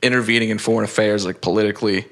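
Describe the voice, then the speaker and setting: A man's voice: fairly low pitch, fairly even intonation, very fast, a bit bright. A man co-hosting a podcast in casual, rambling chat, swearing often and using many fillers. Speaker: podcast co-host.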